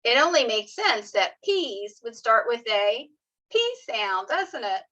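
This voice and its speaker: A woman leads young children through a phonics lesson, speaking slowly and sounding out each letter with patient encouragement. Her voice is bright and fairly high. The audio is a little dull and lo-fi. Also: big pitch swings. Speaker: kindergarten teacher. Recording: slightly dull lo-fi video audio.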